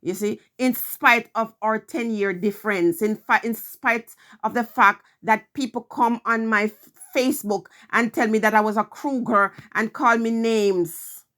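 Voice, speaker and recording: A woman's voice: fairly high pitch, fairly even intonation, unhurried, hardly any pauses, fairly bright tone. A middle-aged woman vlogging, telling a personal story in an earnest, emphatic way, repeating her phrases.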